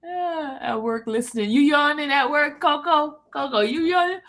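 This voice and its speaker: A woman's voice: high-pitched, a bit bright. A woman hosting a live stream in casual chat, joking, laughing often and talking to viewers in the chat by name. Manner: drawn-out yawns and sighs. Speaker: livestream host.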